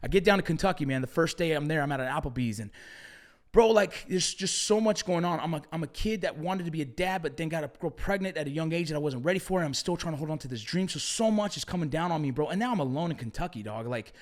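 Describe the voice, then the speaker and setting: A middle-aged man tells rowdy stories from his past in a casual, profane, animated way. He talks fast, with a slightly high voice. His talk is loose and full of slang. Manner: profane, animated storytelling with slang like bro and dog. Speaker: podcast guest. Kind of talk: casual storytelling conversation.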